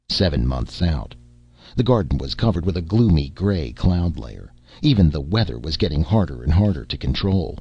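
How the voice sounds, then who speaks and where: A man narrating a science fiction story in a dramatic, expressive reading. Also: a bass voice, moderate pace, slightly rough. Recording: dull, dry lo-fi recording.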